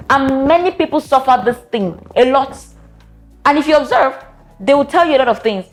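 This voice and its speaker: A woman's voice: high voice, lively intonation, a little fast, soft background music. A woman, a therapist giving casual relationship advice in a sassy, playful, direct way.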